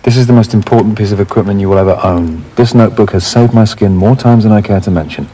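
A man's voice: fairly low pitch, fast, mellow, breathy edge. An actor playing a stern man who lectures about his notebook, in a film clip heard from a distance. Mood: lecturing.

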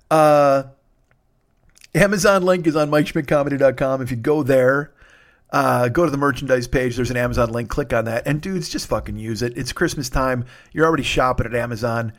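A man hosting a solo comedy podcast, tired and sniffly, rambling and swearing with self-mocking humor. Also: on the high side.

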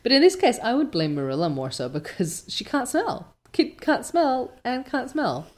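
A woman's voice: on the high side, very animated, moderate pace. A chatty woman co-host who laughs easily while discussing a novel. Her talk is casual and loose, full of asides and giggles. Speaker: podcast co-host and reader. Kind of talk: casual chat about a book.

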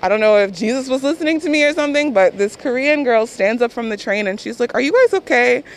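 A woman telling an anecdote in an animated way, acting out what people said. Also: a little high, fast, rough recording. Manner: animated storyteller, quotes people vividly. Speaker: interviewee. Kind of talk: lively anecdote.

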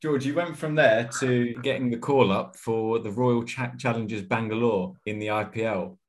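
A man's voice: mid-range voice, fairly even intonation, moderate pace, slight background noise. A man hosting a podcast who asks questions with a teasing, joking edge. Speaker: podcast host. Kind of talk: casual podcast interview.

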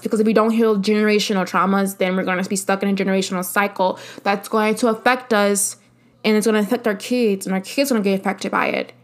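A young adult woman talks through her solo podcast in a casual, heartfelt manner. Her voice sits a little high, and she leans on repeated phrases for emphasis. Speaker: podcast host.

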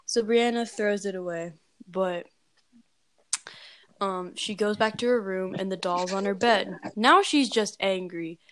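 A woman's voice: mid-range voice, a little slow, noisy background. A woman casually telling a scary story, rambling with lots of fillers and valley-girl phrasing.

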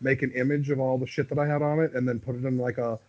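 A man's voice: mid-range voice, level tone, fast talker, muffled recording. A man hosting a podcast, chatting casually and bluntly with plenty of swearing. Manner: profane, blunt. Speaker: podcast host. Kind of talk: casual chat.

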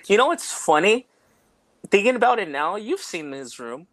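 A man's voice: high-pitched, sing-song, normal speed, a bit bright, no echo. A man co-hosting a podcast, chatting casually in a rambling way, full of "like" and "you know". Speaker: podcast co-host. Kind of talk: casual chat.

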